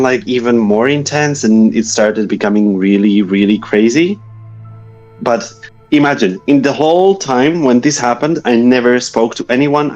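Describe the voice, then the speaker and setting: A man from Slovakia with a Slovak accent recounts his story in a hesitant, filler-heavy way, his phrasing plainly nonnative. He is in his thirties and talks at a mid pitch. The audio is muffled and lo-fi, with faint music running behind him. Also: a little mellow. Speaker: guest. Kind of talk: casual storytelling interview.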